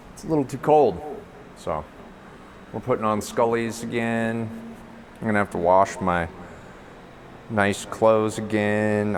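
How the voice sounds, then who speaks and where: A man chats slowly and casually on a live stream, his voice close and clear from a clip-on mic at home. He rambles and pokes fun at himself between asides to his pets. A faint hiss sits under the recording. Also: fairly low pitch. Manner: rambling and self-mocking, talks to his cats. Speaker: livestreamer. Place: at home indoors. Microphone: clip-on lapel mic.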